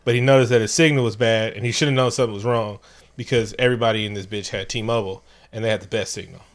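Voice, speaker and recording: A man co-hosting a casual movie review chat, telling the plot in an animated, profane, joking way. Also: lowish voice, fast. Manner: animated, profane, jokey storytelling. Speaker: podcast co-host.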